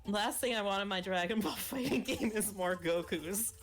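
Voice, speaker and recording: A woman chatting casually on a stream, wry and quick to laugh. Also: medium pitch, a little hiss or hum. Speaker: streamer co-host. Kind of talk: casual chat. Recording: music playing behind.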